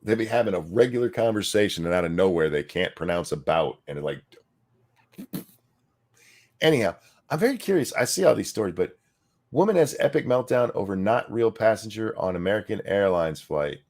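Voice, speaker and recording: A man co-hosting a casual podcast, blunt and crude in his rants. His voice sits low but jumps around with lots of animated inflection. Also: fairly quick. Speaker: co-host.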